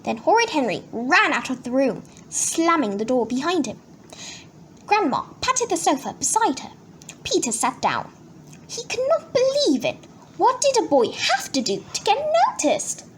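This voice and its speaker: Animated woman reading a children's book. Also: very high-pitched, normal speed, slight background noise. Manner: expressive and animated. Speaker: storybook reader.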